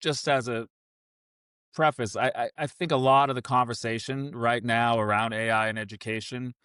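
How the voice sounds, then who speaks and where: A man's voice: medium pitch, fairly even intonation, moderate pace, a bit bright, smooth, dry recording, clean studio sound. A man co-hosting a casual podcast chat, upbeat and earnest. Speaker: podcast co-host.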